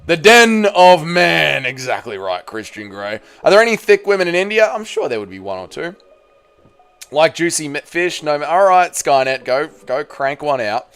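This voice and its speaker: A man's voice: a little high, very animated, normal speed, clean tone, faint music behind. A young Australian man with an Australian accent hosting a live stream, reading chat messages aloud and answering with blunt, jokey, foul-mouthed banter. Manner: blunt, jokey, swears freely, calls people mate and brother.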